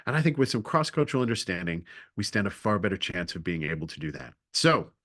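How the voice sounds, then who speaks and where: A man presenting a webinar, telling a comic story with lively timing and then turning to his main points. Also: deep voice, fast talker. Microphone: video call.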